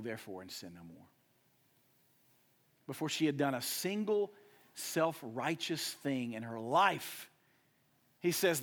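A young adult male pastor preaching a sermon, swinging between loud emphatic rises and hushed, quiet drops. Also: mid-range voice.

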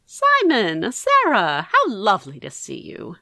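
An eccentric middle-aged uncle, as a woman puts him on, theatrical and flamboyant. His voice leaps through a very wide range with a bright edge. The sound is close and dry. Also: medium pitch, wildly swooping pitch, measured pace, gravelly, no echo, heavily acted. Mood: jovial.

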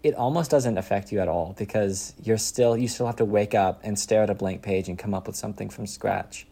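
A young man chatting casually in an interview, rambling and restarting with quick laughs. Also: on the low side, creaky, mellow, breathy edge. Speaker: content creator making comedy skits.

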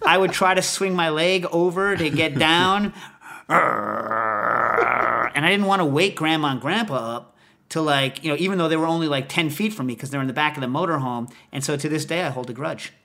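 A man's voice: on the high side, quick pace, pushed and bright. A man hosting a podcast, telling a rambling comic story full of asides. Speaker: podcast host.

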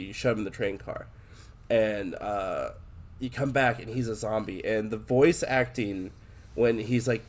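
A man's voice: lowish voice, moderate pace, a little mellow. A man chatting casually about a video game, rambling with lots of fillers and restarts and swearing freely.

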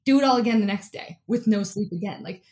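An animated woman tells a story as an interview guest. She talks casually, leans on "like" again and again, and breaks into laughter as she goes. Her voice sits at a middle pitch for a woman. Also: quick pace. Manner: animated, fills speech with "like", laughs often. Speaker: interview guest, athlete and keynote speaker.

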